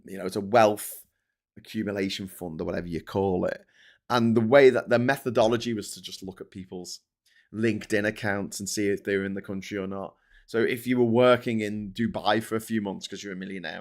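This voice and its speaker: A man hosting casual political commentary in a sarcastic, profane ranting manner. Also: on the low side. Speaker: host.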